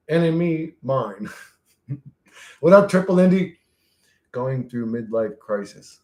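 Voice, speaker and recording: On a livestream with a roomy echo, a man speaks at normal speed in an expressive, medium-pitched voice. He chats casually, reads messages from chat out loud, laughs a lot, and curses freely as he skips from subject to subject.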